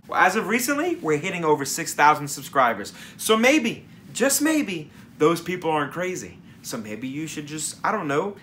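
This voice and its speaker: Casting: male vlog host, bright voice, enthusiastic, rambling, unscripted feel. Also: high voice, slight background noise. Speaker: fragrance reviewer and channel host. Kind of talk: casual vlog talk to camera.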